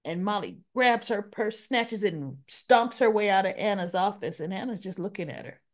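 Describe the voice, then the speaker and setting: A woman's voice: mid-range voice, lively intonation, normal speed. A woman vlogger casually retelling a TV episode, chatty and talking to herself as she searches her files. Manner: chatty, talks to herself while looking for files. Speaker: soap opera recap vlogger.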